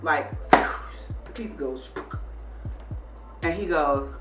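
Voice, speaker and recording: A woman's voice: low-pitched, very slow. A woman hosting a casual vlog, telling viewers a story and acting out how she scolded her son. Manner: animated, scolding retelling. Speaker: vlog host. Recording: echoey room, distant mic, faint music.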